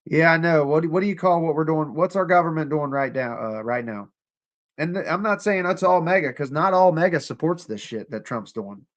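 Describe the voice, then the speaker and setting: A man's voice: on the high side, animated, brisk, muffled recording. Profane sarcastic male livestreamer. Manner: profane, sarcastic, talks to chat. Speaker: livestream host. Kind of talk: casual livestream commentary.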